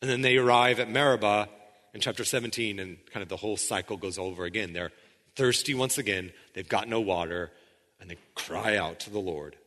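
A man preaching a sermon in a conversational way, with frequent restarts, sometimes dropping into quiet intensity. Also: fairly low pitch, a little fast, long reverb tail. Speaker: pastor.

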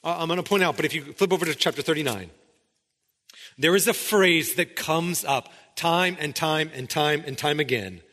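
A man's voice: fairly high pitch, moderate pace, pushed and bright, in a large hall. A male pastor preaching a sermon, emphatic, often checking in with "right?". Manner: emphatic, keeps asking "right?".

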